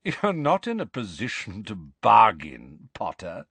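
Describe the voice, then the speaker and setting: A cold, aristocratic villain drawls and sneers with lazy contempt, as a male narrator voices him. His words come out slow and deliberate, with a dry, close sound and no room around them. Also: lowish voice, huge pitch swings, vocal fry, fairly bright tone, husky, dry recording, full character voice. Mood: mocking.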